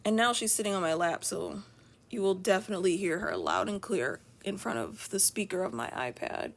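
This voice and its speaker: A woman's voice: medium pitch, animated, moderate pace, gravelly. A young woman chatting casually while she draws on a live stream at home, rambling and laughing often. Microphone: streaming from an iPad.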